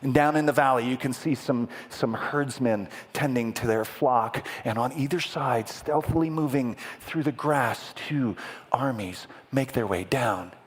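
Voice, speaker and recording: Husky preacher dramatizing a story. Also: male voice, mid-range voice, measured pace. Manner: animated, dramatic narration with sound effects. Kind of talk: sermon storytelling. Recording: echoey hall with long reverb.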